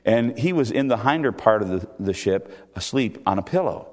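A male pastor preaching an expository sermon to a congregation, with expressive, emphatic delivery that builds to loud peaks. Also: lowish voice, moderate pace. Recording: reverberant hall sound.

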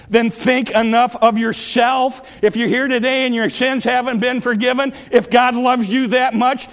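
High-voiced man preaching with fervor. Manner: emphatic, repetitive preaching cadence, bursts into shouts. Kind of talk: sermon.

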